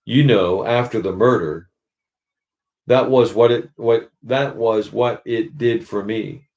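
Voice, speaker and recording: Give me a man voicing a patient, serene spirit in a storybook, calm and kind. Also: lowish voice, slow, highs cut off. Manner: gentle, patient.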